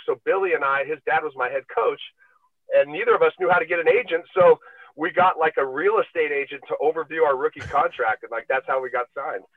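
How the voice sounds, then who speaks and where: 40s guy rambling laid-back stories on a remote call from a bus, tinny phone sound, kinda higher voice. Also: dry recording. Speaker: guest, former pro football player. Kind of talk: casual storytelling. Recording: dry, tinny call line.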